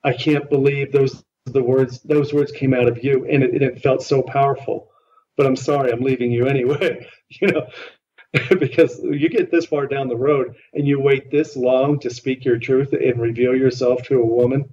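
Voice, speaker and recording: A man's voice: medium pitch, fairly even intonation, moderate pace, warm tone. A man working as a relationship coach, talking earnestly and emphatically in a podcast interview. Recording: distant, muffled line with faint noise.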